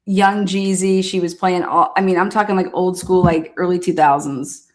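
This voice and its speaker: Woman, lower register, casual foul-mouthed storyteller, lively and amused. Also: moderate pace. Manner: profane, animated, laughing while telling a story. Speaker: storyteller recounting past events. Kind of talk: casual anecdote.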